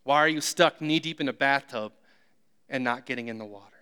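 A calm, commanding divine voice speaks, as a preacher puts it on. It sounds bright and crisp, and it rings with a long reverb in a large hall. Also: male voice, medium pitch, fairly quick, close to an everyday voice. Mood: gently reproachful.

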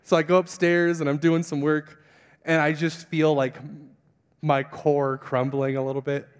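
A young man, a pastor, telling a funny self-mocking story in a sermon and acting out the voices with big jumps in pitch. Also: little pitch movement, unhurried, clear, resonant tone. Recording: long hall reverb.

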